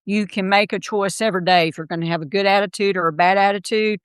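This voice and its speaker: A woman's voice: medium pitch, fast, smooth, no echo. A middle-aged woman, a podcast guest, telling her story in an interview and acting out the voices of the people in it. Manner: animated storyteller, acts out quoted voices.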